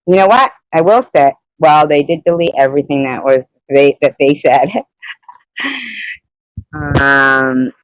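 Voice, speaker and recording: Woman streaming on her phone, unhurried rambling chat with viewers, dry close sound. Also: extremely low pitch, dry recording, poor audio. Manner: rambling, reads out chat comments and greets viewers; laughs often between remarks. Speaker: livestream host. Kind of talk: casual livestream chat.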